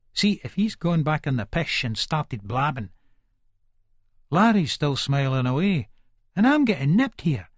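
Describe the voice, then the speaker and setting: A man's voice: a little high, no room sound, clean studio sound. An actor with an Edinburgh Scots accent playing a volatile, foul-mouthed hardman who narrates his own story in an audiobook, talking aggressively and swearing constantly. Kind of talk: first-person audiobook narration.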